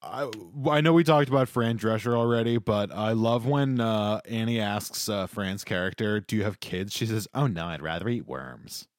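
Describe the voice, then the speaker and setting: A man's voice: fairly low pitch, normal speed, few pauses, no room sound. A man co-hosting a casual movie review podcast, wry and jokey. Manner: wry, jokey, slips into silly accents. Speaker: podcast co-host.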